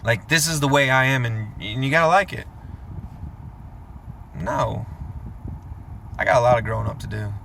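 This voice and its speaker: A man's voice: mid-range voice, moderate pace, creaky, long pauses, a bit bright, a little hiss or hum. A man in his thirties giving an earnest, rambling, emotional confessional vlog monologue, recorded in a vehicle. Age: 30s.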